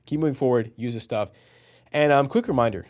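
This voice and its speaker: A man's voice: mid-range voice, fairly quick. A young man in his twenties teaching an online copywriting course in an earnest, motivational way, with many fillers. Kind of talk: casual teaching to camera.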